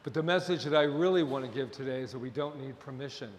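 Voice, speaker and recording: Impassioned minister in an echoey hall. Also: male voice, mid-range voice, quick pace, a little hiss or hum. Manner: impassioned, rising to near shouting at times. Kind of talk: sermon. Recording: long hall reverb.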